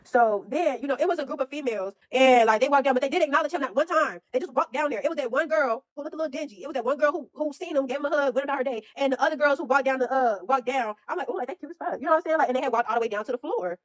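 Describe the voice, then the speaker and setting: A young woman telling a story in a blunt, profane, animated way, in casual chat. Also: sits high, racing, few pauses, no room sound. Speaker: storyteller host.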